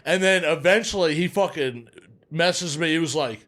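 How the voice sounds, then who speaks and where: A man's voice: fairly high pitch, normal speed, fairly bright tone. A man co-hosting a podcast, telling a story in loose casual chat with heavy swearing. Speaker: podcast co-host.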